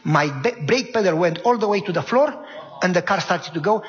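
A middle-aged man delivers a sermon in a high, bright, very lively voice, bringing a story to life by acting out each person in it. The sound is muffled, with a long hall reverb behind it. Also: fairly quick. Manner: animated storytelling, acts out voices. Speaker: preacher.

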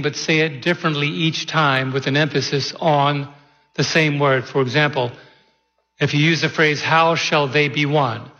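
A man in his sixties, a pastor preaching a sermon, who leans slowly on key words and quizzes his congregation. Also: on the high side, pushed and bright. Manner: slow, deliberate emphasis, quizzes the congregation. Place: church sanctuary. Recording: echoey hall, dull sound.

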